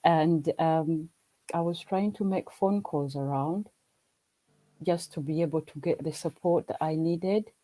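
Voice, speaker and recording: Her voice deep and mellow, a Ugandan woman talks a little slowly as a guest on a livestream video call. She's a non-native English speaker who chats casually and earnestly, frequently restarting and repeating herself, captured on a low-quality recording.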